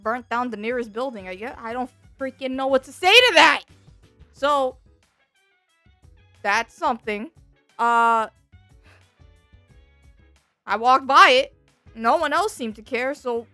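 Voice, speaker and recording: Young woman, high voice, casual storyteller, exasperated and animated, dry close sound. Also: no room sound. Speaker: VTuber streamer.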